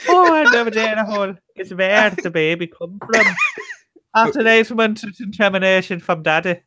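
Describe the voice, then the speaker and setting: A woman's voice: mid-range voice, expressive, normal speed, background noise, pitched above the performer's own voice, lightly acted. A woman doing a weird, vaguely Scottish-sounding voice of a crude, rambling man who babbles in broken grammar.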